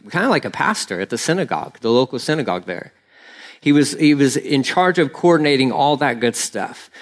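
A man preaching a conversational sermon as a pastor, earnest and casual, often saying "like" and briefly acting out the people he quotes. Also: medium pitch.

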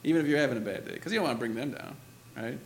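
Gravelly, chatty man preaching a sermon. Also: medium pitch, racing, slight background noise. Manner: conversational, laughs often, lots of "you know" and "right?". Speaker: pastor. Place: church.

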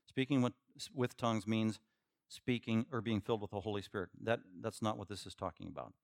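A man preaching a verse-by-verse sermon as pastor, shifting from quiet teaching to loud, emphatic bursts. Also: fairly even intonation, brisk, creaky, no echo, clean studio sound. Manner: acts out imagined listeners in a higher voice. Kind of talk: expository sermon.

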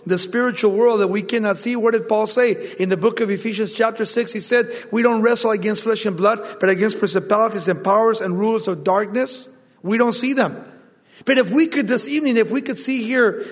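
High-voiced man preaching in a reverberant hall. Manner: animated preaching with sudden loud and soft turns. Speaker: pastor. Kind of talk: sermon. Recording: long reverb of a large hall.

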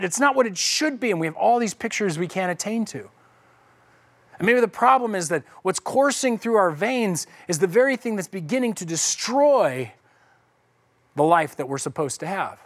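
A man's voice: sits high, a bit bright. A man preaching a conversational sermon as pastor, casually acting out the voices of people in the story.

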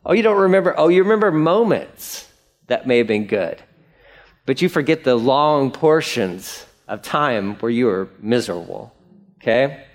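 A man's voice: mid-range voice, animated, moderate pace. A male pastor preaching a conversational sermon, acting out quotes and asides.

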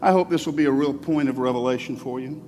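A man preaching a sermon to his congregation, speaking conversationally and swinging between loud emphasis and soft, quiet asides. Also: mid-range voice, fast, big-room sound, faint music behind. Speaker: pastor. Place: church sanctuary.

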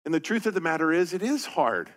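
A man preaching a verse-by-verse sermon, earnest and emphatic, slowing down to read scripture aloud. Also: on the high side, very animated. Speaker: pastor. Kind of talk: sermon teaching through scripture.

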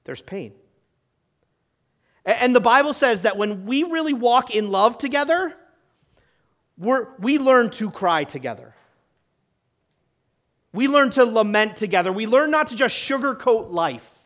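A pastor preaching to his church in a conversational way, asking the room questions and swinging between loud emphasis and quiet, hushed lines. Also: very high voice, lively intonation, unhurried, long pauses. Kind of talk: sermon.

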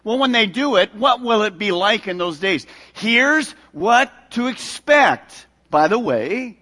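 A male pastor preaching a sermon, animated and acting out the voices of people he quotes. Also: high voice, takes it slowly. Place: church sanctuary. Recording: long hall reverb.

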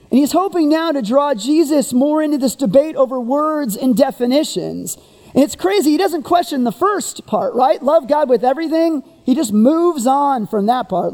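A preacher giving a sermon, who retells the story in an animated way and keeps asking the listeners rhetorical questions. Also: high-pitched, moderate pace, long reverb tail.

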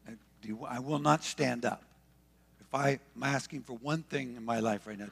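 A man preaching a sermon with passion, swinging between loud declarations and hushed asides. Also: medium pitch, moderate pace, creaky, slightly rough, big-room sound. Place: church hall.

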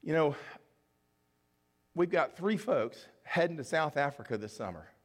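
A man's voice: a little high, sing-song, a little slow. A male pastor preaching a sermon with an earnest, emotional, pleading delivery.

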